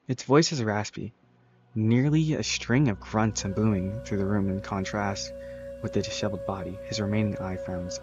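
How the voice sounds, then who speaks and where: Low voiced guy reading a visual novel out loud, casual, fixes his slips, music underneath. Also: moderate pace, lo-fi sound. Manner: casual, self-correcting, joking asides. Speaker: let's-play reader.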